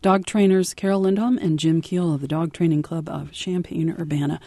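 Woman radio host, lowish mellow voice, friendly and conversational, dry studio mic. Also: fairly even intonation, normal speed, no room sound. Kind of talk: radio talk show hosting.

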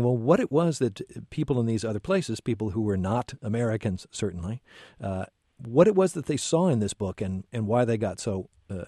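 Mellow low-voiced interview host. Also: male voice, no echo, studio quality. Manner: measured, curious questions with fillers. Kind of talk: casual interview conversation.

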